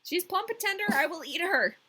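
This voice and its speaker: A woman's voice: extremely high pitch, animated, a little fast, noisy background, voice pushed up. Woman doing a bloodthirsty old robber queen. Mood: gloating.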